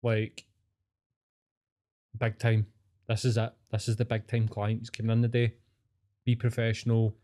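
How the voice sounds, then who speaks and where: A man's voice: on the low side, completely flat delivery, a little slow, long pauses, mellow. A man with a Scottish accent chatting casually and swearing freely, telling long rambling stories. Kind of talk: casual chat.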